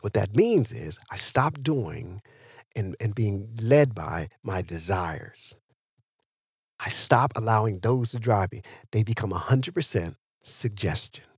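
Animated husky-voiced male preacher. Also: lowish voice, dry recording, lo-fi sound. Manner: animated preaching, asks the listeners questions. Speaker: pastor. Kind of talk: sermon.

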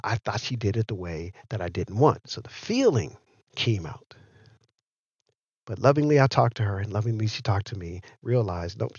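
A man preaching a sermon, animated, often asking his listeners whether they understand. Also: on the low side, creaky, no echo, highs cut off. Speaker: pastor.

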